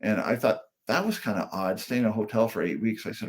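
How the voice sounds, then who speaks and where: A man's voice: lowish voice, lively intonation, brisk, breathy edge. A middle-aged man, a comedian and speaker, telling an earnest personal story as a guest on a podcast.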